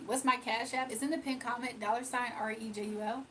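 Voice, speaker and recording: A woman's voice: on the high side, steady tone, fairly quick, a bit bright, slight background noise, low-quality recording. A young woman hosting a casual livestream, chatting playfully with viewers, reading comments aloud and laughing often. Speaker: livestream host.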